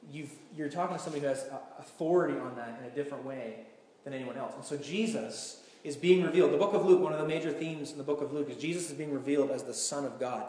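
A man's voice: a little high, slight background noise. A man, a pastor giving a conversational, emphatic sermon in a large hall. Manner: conversational, emphatic, animated storytelling. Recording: echoey hall sound.

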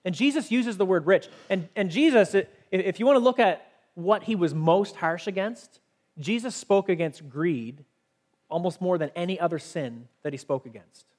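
A man's voice: high-pitched, expressive, normal speed, a little mellow. A man preaching a sermon as pastor, conversational and earnest, reading scripture aloud between his own explanations.

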